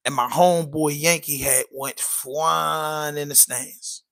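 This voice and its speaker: Bright-voiced man chatting casually. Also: a little high, fairly even intonation, measured pace, low-quality recording. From Baltimore. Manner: loose, emphatic, peppered with "you know what I'm saying". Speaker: podcast host. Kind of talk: casual livestream chat.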